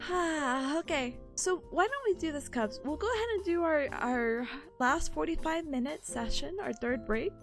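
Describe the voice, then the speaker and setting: Giggly, chatty woman with lively high voice. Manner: animated, jumps into high-pitched impressions. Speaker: livestream host. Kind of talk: casual study-stream chat. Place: at home, seated.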